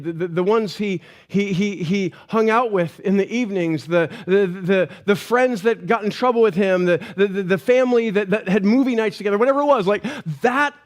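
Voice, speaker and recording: A man preaching a sermon as a pastor, telling the story casually and chattily, often adding "right?" and tripping over repeated words. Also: sits high.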